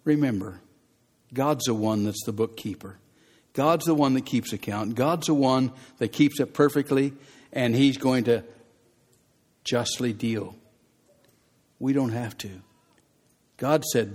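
A man's voice: mid-range voice, a little slow, pauses often, a little mellow, husky. A man preaching a sermon in an easy, conversational way, walking through a scripture passage and repeating key phrases for emphasis. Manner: plain conversational preaching with restarts and emphatic repetition. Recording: long hall reverb.

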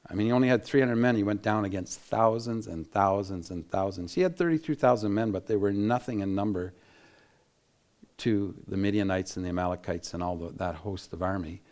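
A man preaching a Bible teaching in an animated way, laughing and acting out quotes, with frequent restarts. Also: on the low side, brisk. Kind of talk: sermon-style Bible teaching.

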